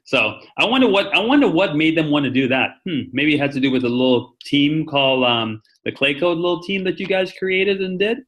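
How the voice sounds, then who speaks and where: Bright-voiced man hosting a rambling call. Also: on the high side, animated, brisk, hardly any pauses, rough recording. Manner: rambling, chatty, with many fillers and restarts. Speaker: meeting host. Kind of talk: casual conference call talk. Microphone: conference call.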